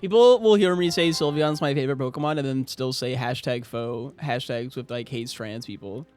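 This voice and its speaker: A man streaming a game, chatting casually with viewers in a joking way, dropping to mumbles and jumping up to high-pitched yelps as he laughs along. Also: moderate pace, a little mellow, soft background music. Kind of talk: casual livestream chat while gaming.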